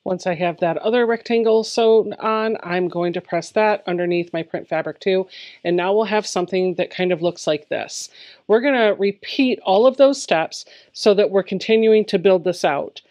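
A woman's voice: mid-range voice, normal speed, darkish tone. A woman giving a step-by-step quilting tutorial, explaining each step plainly in a friendly, encouraging way. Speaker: quilting instructor.

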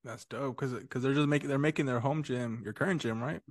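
A man's voice: mid-range voice, brisk, no room sound, clean studio sound. A man co-hosting a casual interview, easygoing and agreeable as he asks questions. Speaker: co-host.

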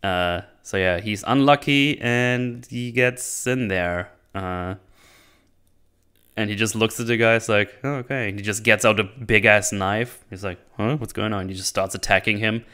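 A man's voice: fairly low pitch, a little slow, sharp tone, clear, resonant tone. A man hosting his own channel, recapping a movie in a casual, rambling way, often laughing and acting out characters' lines. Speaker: channel host reviewing a movie.

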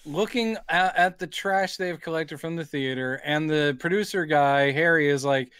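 A man's voice: on the high side, normal speed, fairly bright tone, clean tone, dry recording. A man co-hosting a casual podcast about an old film, wry and playful, retelling scenes with a joking edge. His voice is close and dry, with no room sound around it. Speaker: podcast co-host. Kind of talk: casual film-review chat.

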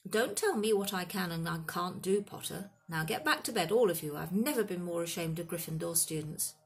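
A woman's voice: on the low side, lively intonation, brisk, husky. A woman voicing a stern older female professor who scolds students in clipped, severe words.

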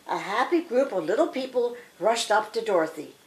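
An older woman with a medium-pitched voice reads a children's picture book aloud. She goes slowly and reads with plenty of expression.

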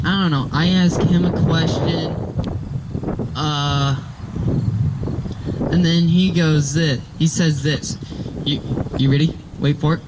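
A man's voice: fairly high pitch, noisy background. A young man telling a rambling, exasperated story about work in a casual vlog. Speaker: vlogger.

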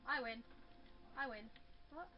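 A woman giving excitable let's play commentary while playing a fighting game, chattering, yelping and taunting. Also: sits high, slow pace, over music. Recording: muffled lo-fi with faint hiss.

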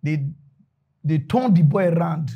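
Animated high-voiced Nigerian man. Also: a little slow, husky, highs cut off. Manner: animated, jumps between loud and hushed. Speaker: comedian storyteller. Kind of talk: comic storytelling in Nigerian Pidgin.

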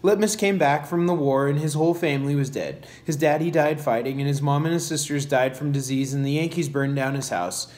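A man reading aloud, voicing an outspoken, eager young girl with a lively delivery. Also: on the high side, brisk, few pauses, natural voice. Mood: earnest. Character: spirited ten-year-old girl, outspoken.

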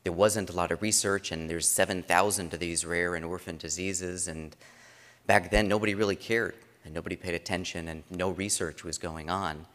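Deep-voiced man chairing a conference. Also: fairly even intonation, normal speed, a bit bright. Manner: conversational storytelling with frequent restarts. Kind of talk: opening remarks at a conference. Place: large conference room. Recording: long reverb of a conference hall.

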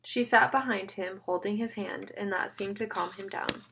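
A woman reading an audiobook aloud, with steady, measured storytelling. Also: mid-range voice, vocal fry, noisy background. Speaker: audiobook narrator. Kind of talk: scripted narration.

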